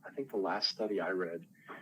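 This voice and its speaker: A man's voice: sits low, fast, pushed and bright, a little hiss or hum, low-quality recording. A man who works as a counselor and coach answers interview questions in a conversational, explanatory way, with light self-deprecating asides. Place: outdoors on a porch.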